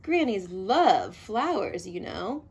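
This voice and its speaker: A crafty, greedy male wolf who drawls his words slowly, oozing false charm, as a woman reads him aloud. His voice swoops about with a lively, put-on sweetness. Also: medium pitch, full character voice. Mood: sly. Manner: slow, smooth, falsely polite.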